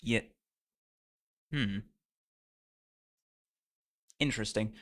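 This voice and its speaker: Speaking very slowly in a fairly bright voice on the low side, a man streams a story game. He reads the story while chatting casually, poking fun at himself and laughing often.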